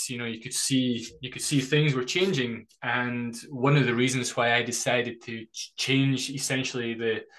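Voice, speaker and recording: A man hosting a podcast, speaking earnestly and thoughtfully, a little halting as he talks. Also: medium pitch, a bit bright, low-quality recording. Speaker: podcast host. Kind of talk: candid interview conversation.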